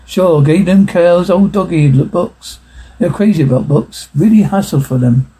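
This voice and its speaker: A bragging young starship pilot, talking on and on about his own cleverness, as a man reads him aloud. The voice sits a little high, mellow and very husky. It comes from a plain audiobook reading. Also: moderate pace, rough recording. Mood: smug.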